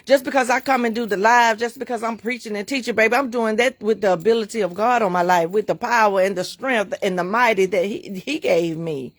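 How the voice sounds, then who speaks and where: A woman's voice: on the high side, fairly quick, hardly any pauses, dry recording. A middle-aged woman hosting a livestream, preaching in an emphatic, repetitive way and laughing often. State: emotional, near tears. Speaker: livestream host and bookstore owner.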